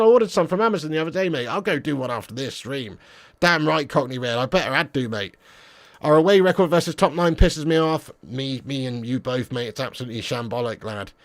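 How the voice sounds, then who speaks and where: A man hosting a football fan livestream, reading viewer comments with excitable, teasing banter. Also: mid-range voice, fairly quick. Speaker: football fan channel streamer. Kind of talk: live stream chat, reading viewer comments.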